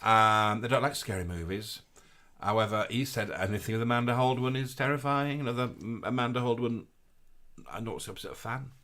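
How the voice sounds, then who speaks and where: A man's voice: mid-range voice, a little fast, pushed and bright. A man co-hosting a live show, chatting casually and reading out viewer comments in a camp, gushing manner with sing-song greetings.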